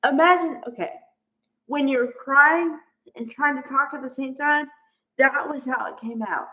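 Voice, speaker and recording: A woman's voice: high voice, a little slow, sharp tone. A woman casually recapping a soap opera episode, chatty and exasperated, acting out the characters' lines. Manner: chatty, exasperated, acts out quotes. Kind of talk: casual spoken recap and commentary. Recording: dull lo-fi audio.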